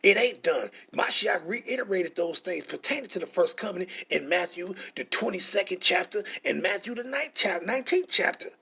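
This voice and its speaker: A man's voice: high-pitched, expressive, moderate pace, creaky, hardly any pauses, sharp tone, husky. A middle-aged man, teaching scripture in a frustrated, profane, repetitive way. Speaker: preacher.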